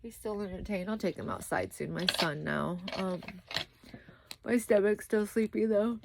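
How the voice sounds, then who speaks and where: A woman's voice: mid-range voice, normal speed, gravelly, background noise. A young woman chatting casually in a rambling vlog, sleepy and often saying "like I said" as she drifts between topics. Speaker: vlogger.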